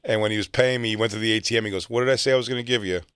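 A man from South Jersey telling a long, animated comedy anecdote and acting out other people's lines. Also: fairly low pitch, racing, smooth, no room sound, studio quality. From South Jersey, near Philadelphia. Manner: animated anecdote teller, acts out quotes. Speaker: comedian guest. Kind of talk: casual storytelling chat.

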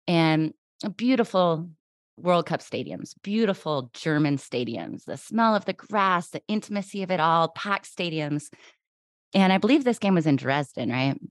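A woman in her forties hosting a podcast, telling a lively story in casual chat and acting out her own past thoughts. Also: on the low side, normal speed, no echo, studio quality. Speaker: podcast host.

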